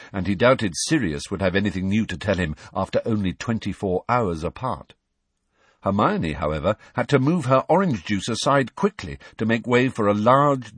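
Expressive, husky male audiobook narrator. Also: low voice, no room sound. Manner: expressive, storytelling.

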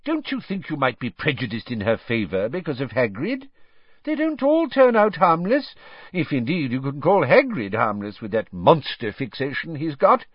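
A man's voice: mid-range voice, sing-song, moderate pace, slightly rough, dry recording, dull audio, voice pushed up. A man voicing a pompous, flustered middle-aged male government minister who blusters emphatically. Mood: blustering.

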